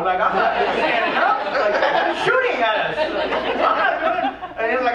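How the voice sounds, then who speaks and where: A man performing a stand-up routine, telling a story with profanity and yelling the lines of the people he quotes. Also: high voice, lively intonation, a little fast, far from the mic, a loud crowd. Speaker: stand-up comedian. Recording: echoey live club recording from afar, dull. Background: loud audience and noise.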